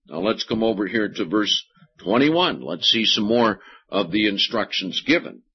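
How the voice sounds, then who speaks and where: A man preaching a sermon and reading scripture aloud, slowing down deliberately to stress key words. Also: lowish voice, expressive, husky. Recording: dull lo-fi sermon recording.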